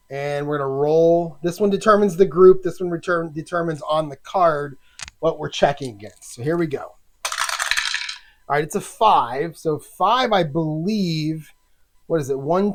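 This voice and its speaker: A man casually talking himself through a solo tabletop racing game, chatty and halting, with lots of fillers. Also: on the high side.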